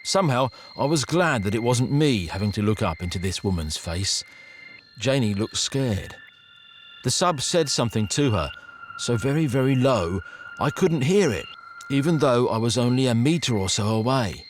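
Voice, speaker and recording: A man reading a first-person ghost story aloud, building suspense with an expressive delivery. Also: medium pitch, moderate pace, slight background noise.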